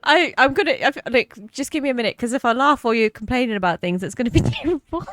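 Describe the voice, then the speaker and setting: A woman's voice: on the high side, lively intonation, quick pace, a bit bright, no echo, clean studio sound. A woman streaming a roleplay game as an HR rep, giggling helplessly and teary from laughing. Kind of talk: live-streamed roleplay chat.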